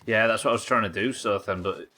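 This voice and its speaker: A British man streams a game live, commentating, swearing often, muttering to himself and talking with his viewers. His voice is fairly low, quick-paced, pushed and bright.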